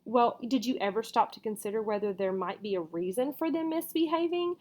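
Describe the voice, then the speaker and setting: A woman's voice: high-pitched, steady tone, normal speed, voice pushed up, close to an everyday voice. Storybook witch, scornful and snappish, indignant mother, voiced by a woman reader.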